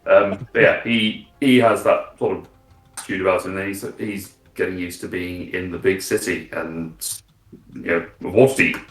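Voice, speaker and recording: Low-ish guy rambling and cracking jokes, voice bounces all over, roomy echo. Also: level tone, moderate pace. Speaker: panelist. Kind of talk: casual chat.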